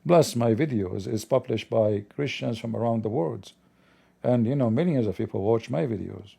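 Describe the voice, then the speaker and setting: A man's voice: medium pitch, normal speed, gravelly, dark tone, husky. A man hosting a livestream, talking in a sarcastic, mocking way in non-native English. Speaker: livestream host. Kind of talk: livestreamed commentary.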